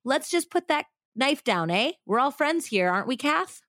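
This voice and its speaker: A woman's voice: high voice, very animated, normal speed, a bit bright, dry recording, clean studio sound, pitched above the performer's own voice. A woman voicing a male police officer who coaxes and placates, talking a suspect down in a storybook reading. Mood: coaxing. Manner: placating, coaxing.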